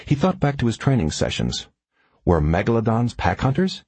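Husky male audiobook narrator. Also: medium pitch, huge pitch swings, moderate pace, darkish tone, dry recording.

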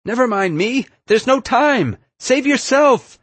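A man voicing a curt, stubborn teenage girl spy who talks in clipped shouts. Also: lowish voice, animated, a little fast, breathy edge, no room sound. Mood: urgent shouting.

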